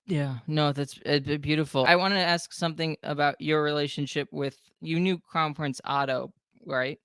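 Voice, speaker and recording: A man hosting an interview, asking questions in a halting, self-correcting way. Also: on the high side, fairly even intonation, a bit bright, clean tone. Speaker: podcast host.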